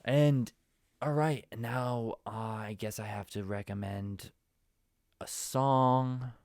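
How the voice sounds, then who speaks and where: A man hosting a casual solo podcast, rambling along and breaking into sudden loud, emphatic bursts. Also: medium pitch, fairly even intonation, slow pace, creaky, no room sound, clean studio sound. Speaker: podcast host.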